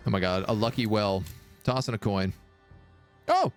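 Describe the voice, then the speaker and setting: A man's voice: fairly low pitch, moderate pace, long pauses, clean tone. A man streaming a strategy game, musing aloud as he weighs options. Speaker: live streamer. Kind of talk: gameplay commentary. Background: game music.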